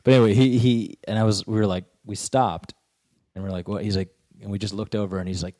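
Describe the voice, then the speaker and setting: A young man, a comedian and actor, telling stories in a casual podcast chat, jumping into high voices to act out quotes. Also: quick pace, no echo, clean studio sound. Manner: animated storyteller, acts out quotes in high voices.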